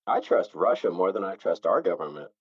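A man's voice: low-pitched, animated, fairly quick, slightly rough, dry recording. Playful male co-host, dull dry recording. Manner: jokey, playful. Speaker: podcast co-host. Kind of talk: casual chat.

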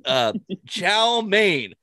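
Speaking very slowly in a high voice, with no room sound, this man spins animated stories in casual conversation, laughing often and swearing freely.

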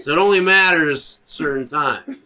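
A man's voice: a little high, moderate pace, pushed and bright. A man co-hosting a podcast, chatting casually and profanely, acting out scenes with silly voices. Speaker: podcast co-host. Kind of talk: casual chat.

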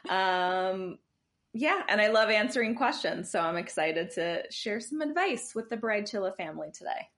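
A woman guest on a podcast, a wedding planner who explains things in a friendly, measured way. Her voice sits at a middle pitch. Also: lively intonation, fairly bright tone. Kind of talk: casual podcast interview.

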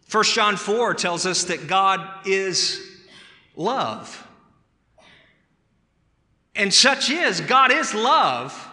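A man preaching a sermon, emphatic, repeating words for stress and rising to loud calls. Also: sits high. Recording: echoey hall sound.

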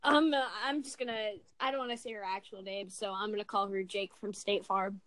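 A young woman in casual chat among friends, rambling in an animated way with many fillers. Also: mid-range voice, a little fast, noisy background.

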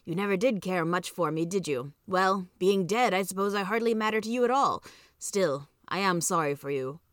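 A woman's voice: lowish voice, normal speed, fairly bright tone, dry recording, clean studio sound, close to an everyday voice. A woman voicing a weary, mournful male ghost who speaks in a solemn, sorrowful way.

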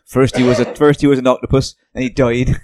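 A man's voice: mid-range voice, little pitch movement, fairly quick, darkish tone, a little hiss or hum. A man playing in a tabletop game, joking and bantering. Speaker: player. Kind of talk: casual chat at a tabletop game.

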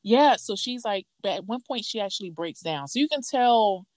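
A woman in casual chat, telling a gossip story with lively acted-out quotes. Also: normal speed, no echo. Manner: animated storytelling, acts out quotes in a higher voice.

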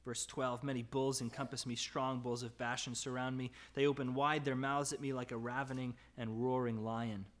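A male pastor gives a sermon in a flat delivery at normal speed, with few pauses. He reads the psalms aloud, his pitch and volume rising when he voices the anguished cries. He then drops back to an easy, chatty tone that often includes "right?"

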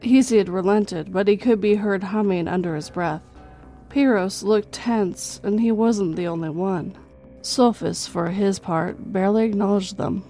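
A woman reading a horror story in a slow, measured storytelling way. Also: medium pitch, warm tone, faint music behind. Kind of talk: scripted horror narration.

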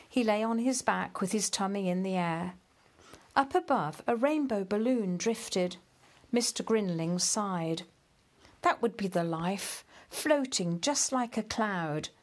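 A woman reading a children's storybook aloud in a gentle, measured and expressive way. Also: medium pitch.

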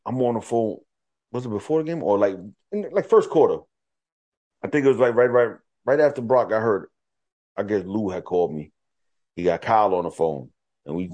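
A man's voice: fairly low pitch, moderate pace, long pauses. A man co-hosting a podcast in casual chat, telling stories with lots of swearing and quoted back-and-forth. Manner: profane, animated storytelling with quoted voices. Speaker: podcast co-host.

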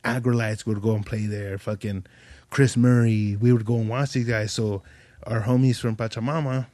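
A man's voice: on the low side, fairly even intonation, moderate pace, a little mellow, dry recording. A young adult man, a podcast guest, telling stories in rambling, profane, slangy casual talk. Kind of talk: casual storytelling.

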